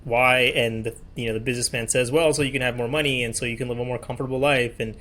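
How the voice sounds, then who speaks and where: A man's voice: medium pitch, steady tone, fast talker, a bit bright. A man hosting an interview podcast, talking in a loose, hesitant way. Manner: loose and hesitant, many ums and uhs. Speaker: podcast host. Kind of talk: casual interview chat.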